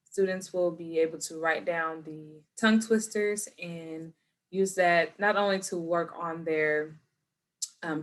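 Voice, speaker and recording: Woman teacher, remote lesson, patient, encouraging, slightly low voice, computer mic. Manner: patient, encouraging, slows down to model words.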